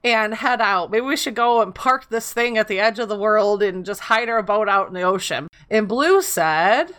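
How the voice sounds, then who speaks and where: Woman co-host, bright and animated, recounting game nights casually. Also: mid-range voice, normal speed. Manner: animated storytelling with laughter. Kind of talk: casual gaming chat.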